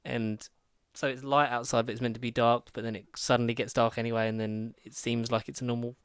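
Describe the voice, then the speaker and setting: A man on a podcast, casually retelling a film's plot in a rambling, animated way with quick asides. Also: medium pitch, clear, resonant tone, dry recording, studio quality. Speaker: podcast co-host reviewing films. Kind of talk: casual chat.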